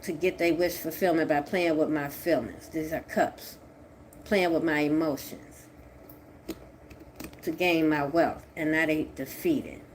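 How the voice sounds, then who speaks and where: A woman doing a tarot reading, talking in a profane, confrontational way that swings from a low mutter to shouting. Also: steady tone, measured pace, a little hiss or hum. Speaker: tarot reader. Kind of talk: angry tarot reading monologue.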